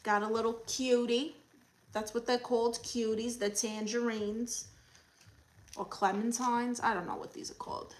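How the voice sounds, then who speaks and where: A woman hosting a comedy livestream as an advice-giving aunt, chatting casually with a sassy, teasing manner and reading comments out loud. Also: fairly high pitch, little pitch movement, unhurried, rough recording. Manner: coos baby talk at her dog.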